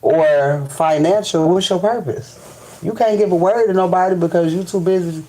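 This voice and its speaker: Live-stream host, man, warm low-key tone, blunt and profane, lots of restarts. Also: moderate pace, rough recording. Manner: profane, emphatic, repeats "you know what I'm saying"; restarts and stammers when fired up. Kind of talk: casual live-stream rant.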